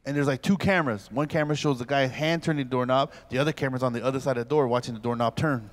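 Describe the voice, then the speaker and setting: A man in his forties, a pastor giving a humorous lecture at a youth camp, telling stories in an animated comic way and acting out scenes. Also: mid-range voice, rapid-fire. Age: 40s.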